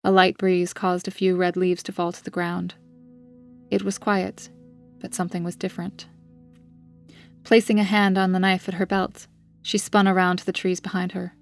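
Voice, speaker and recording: A woman author reading her own gothic story in an even, measured narration. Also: lowish voice, gravelly, soft background music. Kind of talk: scripted audiobook narration.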